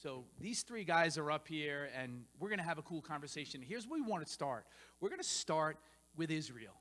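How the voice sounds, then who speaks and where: A high-pitched man speaking as a pastor to his congregation, voice bright and forceful. He talks in an energetic, rambling way, full of asides. His words ring through a church hall with a long reverb tail, while soft music plays faintly underneath. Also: moderate pace. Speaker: pastor hosting a church panel. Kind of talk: informal sermon-style talk to a congregation. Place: church sanctuary.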